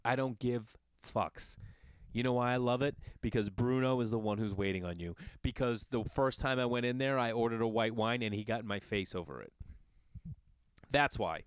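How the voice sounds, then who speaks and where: A man who is a father, hosting a podcast and telling a long casual story in an animated, exasperated and profane way. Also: mid-range voice, normal speed, clean tone, no echo. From Los Angeles area. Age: adult with children. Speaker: podcast host.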